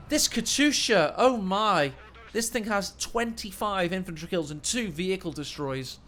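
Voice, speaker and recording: A man casting a video game match, joking and rambling and breaking into sudden excited shouts. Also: high-pitched, a little slow, a little hiss or hum. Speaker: game caster.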